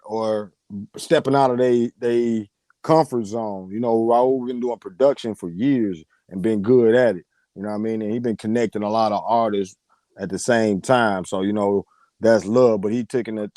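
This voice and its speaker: A man's voice: on the low side, mellow, dry recording. A man, co-hosting a sports talk show in casual chat, slangy and laughing often.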